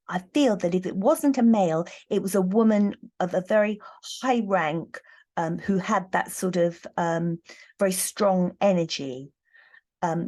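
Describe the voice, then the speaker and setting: A woman reading tarot cards in a casual, thoughtful monologue, pausing often and restarting her sentences. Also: mid-range voice, a little mellow. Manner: thoughtful, hesitant, many ums and restarts. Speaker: tarot reader.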